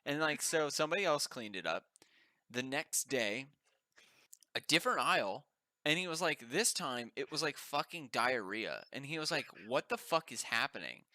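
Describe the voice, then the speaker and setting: A man's voice: medium pitch, animated, moderate pace, sharp tone, dry recording. A man co-hosting a podcast, telling a story in casual, swearing chat. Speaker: podcast co-host.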